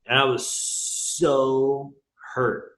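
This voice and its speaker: A man appearing as a podcast guest tells a personal story candidly, casual and emotional, and swears freely. His mid-range voice is level, very slow, and fairly bright, heard with a roomy echo.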